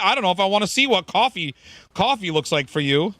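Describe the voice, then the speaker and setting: A man's voice: sits high, expressive, quick pace, sharp tone, no room sound. A man streaming a game, chatting casually with his viewers in a rambling, profane, hyped way. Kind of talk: casual live-stream chat while gaming.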